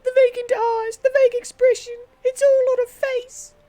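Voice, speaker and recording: Brief: woman voicing a high, squeaky, bossy young game heroine. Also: moderate pace, warm tone, poor audio. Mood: eager. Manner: high, squeaky, pushy put-on voice. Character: meddling, eager young woman matchmaker.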